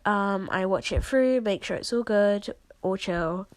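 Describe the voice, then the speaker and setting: A woman talks viewers through her editing in a loose, chatty way, full of fillers and apologies. She is sick and congested, with a cough. Her voice sits at a middle pitch and sounds dry, with no room around it. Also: measured pace, no echo. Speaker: video creator showing her editing process. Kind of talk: casual screen-recording walkthrough.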